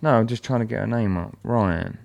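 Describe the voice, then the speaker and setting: A tipsy man co-hosting a casual podcast chat, rambling and halting as he talks. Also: lowish voice, creaky, darkish tone, dry recording, muffled recording. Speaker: podcast co-host.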